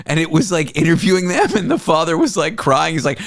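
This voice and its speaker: A man's voice: a little high, very animated, brisk, creaky, a bit bright, dry recording, clean studio sound. A man hosting a comedy talk show, telling a story in a rambling, self-mocking way and laughing often. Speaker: host. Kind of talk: casual comedic chat.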